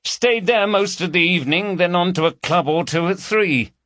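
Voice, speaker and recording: A man's voice: high-pitched, normal speed, fairly bright tone, dry recording, voice pushed up. A man voicing a raucous, cheeky lad from London, full of banter. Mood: teasing.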